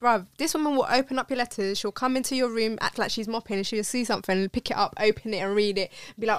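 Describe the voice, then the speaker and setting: A woman's voice: fairly high pitch, fast, hardly any pauses, fairly bright tone, clear, resonant tone. A young woman, co-hosting a casual podcast chat, slangy and swearing freely as she tells stories. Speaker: podcast co-host.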